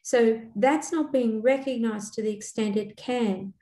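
An older woman, speaking earnestly as a community elder on a panel, pausing often with fillers. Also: a little high, warm tone. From Australia. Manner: earnest, halting, with frequent fillers. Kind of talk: panel talk. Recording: echoey room.

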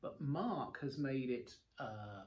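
Male bishop, calm reflective discussion voice, middle pitch. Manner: measured, reflective commentary. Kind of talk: conversational bible discussion.

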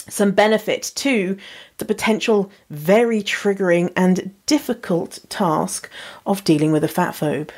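A woman podcast host getting over a cold, her voice slightly husky, chatting frankly and laughing often. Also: lowish voice, a little mellow. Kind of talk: casual podcast chat.

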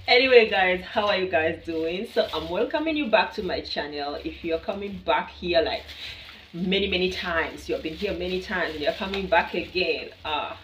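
Here a woman from Kenya, her Kenyan accent clear, keeps up a lively, playful vlog chat aimed at her viewers, often breaking into laughter. Her pitch is fairly low and her pace moderate. The sound is lo-fi with a little hiss or hum, recorded by a far-off mic in a room with echo.

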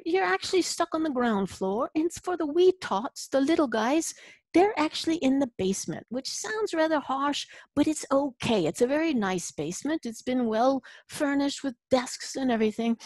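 A woman's voice: a little mellow, no room sound. A woman putting on a prim Irish-lilted lady. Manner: playful, exaggerated, high and sing-song. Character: prim, proper woman with a put-on Irish lilt.

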